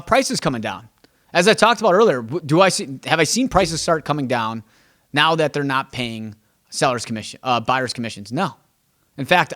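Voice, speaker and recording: A real estate agent hosts a podcast in a slightly high, fairly bright voice. His casual, emphatic monologue stumbles and repeats words as he thinks aloud, and he acts out quoted exchanges with clients.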